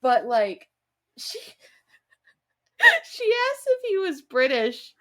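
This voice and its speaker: A woman's voice: sits high, huge pitch swings, slow, sharp tone. A young adult woman, a mother, co-hosting a podcast and telling stories in casual chat with exasperated asides. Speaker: podcast co-host.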